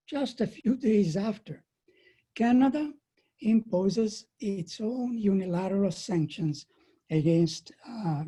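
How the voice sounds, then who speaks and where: A woman speaks slowly and deliberately at an online webinar, leaning hard on key words. Her voice is very dark and a little husky. It sounds like a computer mic on a video call. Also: mid-range voice, poor audio. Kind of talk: prepared political talk.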